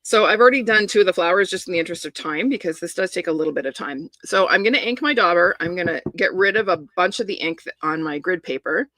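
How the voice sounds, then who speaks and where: A woman's voice: fairly low pitch, lively intonation, quick pace, few pauses, fairly bright tone, dry recording. A middle-aged woman chatting enthusiastically while showing a crafting project step by step. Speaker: papercraft demonstrator. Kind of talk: live crafting demonstration.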